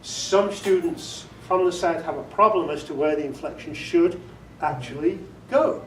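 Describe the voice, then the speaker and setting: A man with a fairly high voice talks at a normal speed, giving a casual workshop on audiobook narration. He's chatty and amused with himself, laughing often and demonstrating inflections for a group in a meeting room. The echoey recording was made from far off and carries a little hiss or hum.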